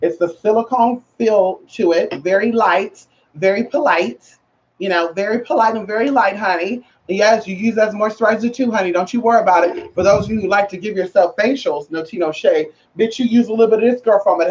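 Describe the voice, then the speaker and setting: On a muffled lo-fi recording, a woman vlogger chats to camera fairly quickly in a darkish, mid-range voice. She is slangy and sassy, repeating phrases for emphasis and calling listeners girl and honey.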